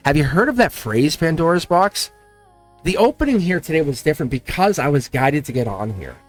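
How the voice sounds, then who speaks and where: Guy doing a live tarot reading, kinda high voice, bouncy, repeats stuff, laughs a lot. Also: a little fast, soft background music. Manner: animated, repetitive, chuckling. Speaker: tarot reader.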